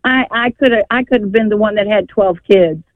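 A woman's voice: medium pitch, a little fast, no echo. Older woman caller on a tinny phone. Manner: rambling, emphatic storytelling. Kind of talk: call-in radio chat. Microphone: telephone.

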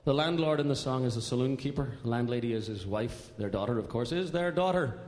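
A man on stage briskly explaining a drinking song and leading the audience in singing it. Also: mid-range voice, a little mellow. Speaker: singer leading a pub song. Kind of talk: live song introduction and singalong. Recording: echoey hall.

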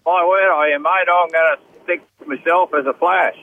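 A man's voice: a little high, fairly even intonation, normal speed, creaky, dry recording, phone-quality sound. A man with a rural Australian accent calling in to radio, laid-back and drawling. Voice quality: laid-back, drawling, says mate often. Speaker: caller, farmer. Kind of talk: phone-in chat.

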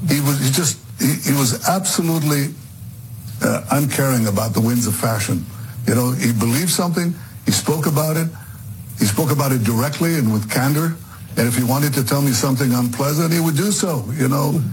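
A man giving a remote interview, speaking earnestly and haltingly, often repeating himself. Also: mid-range voice, a little hiss or hum, rough recording. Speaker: interview guest.

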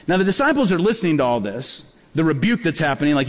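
A man's voice: on the high side, fast talker. A man preaching a sermon as a pastor, telling stories and acting out the dialogue in them. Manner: animated, acts out dialogue in his stories. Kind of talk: sermon storytelling. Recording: long hall reverb.

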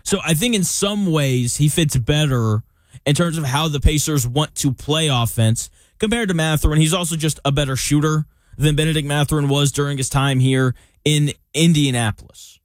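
A man's voice: on the high side, moderate pace, no echo. A young man hosting a sports talk show, giving opinionated, conversational commentary with jokey asides.

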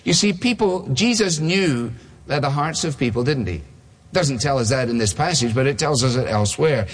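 A man's voice: mid-range voice, lively intonation, normal speed, husky. Man, preacher, chatty sermon, rhetorical questions, mid-range voice, long reverb. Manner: conversational, asks rhetorical questions.

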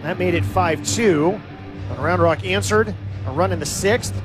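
A man calling live baseball play-by-play as the team's announcer, giving steady, stat-heavy recaps of the game. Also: high-pitched, unhurried, music in the background.

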